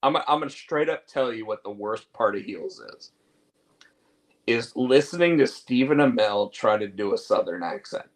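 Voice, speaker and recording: A man's voice: mid-range voice, animated, moderate pace. A man hosting a casual chat show, chatty and jokey, often mimicking actors' lines. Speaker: host.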